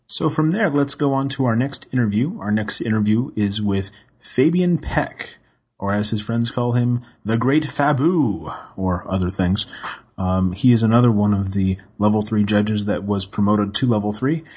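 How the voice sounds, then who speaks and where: A man introducing podcast segments in an informal, lightly filler-laden way. His voice is low and husky. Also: moderate pace, darkish tone. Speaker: podcast host.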